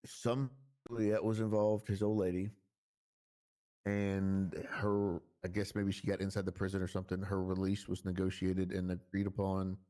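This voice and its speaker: A man speaking in a role-play stream, halting and earnest, with many fillers. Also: low voice, level tone, dark tone. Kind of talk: in-character role-play chat.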